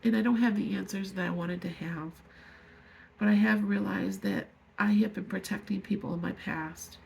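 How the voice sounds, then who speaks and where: A woman in her fifties speaking to viewers in an emotional personal vlog, angry and tearful, halting as she pours out her feelings. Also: medium pitch, darkish tone, low-quality recording. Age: 50s. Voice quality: gravelly, very husky voice. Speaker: vlogger.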